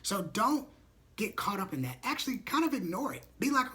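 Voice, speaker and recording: A man's voice: high voice, very animated, moderate pace, bright, forceful tone. A man vlogging motivational advice to his viewers, chatty and candid, swearing casually and calling them y'all. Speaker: vlogger giving life advice. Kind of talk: casual motivational talk to camera.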